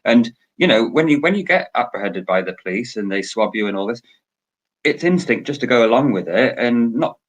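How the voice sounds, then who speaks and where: A man's voice: mid-range voice, lively intonation, brisk, rough recording. A man, a podcast guest, explaining earnestly in casual chat.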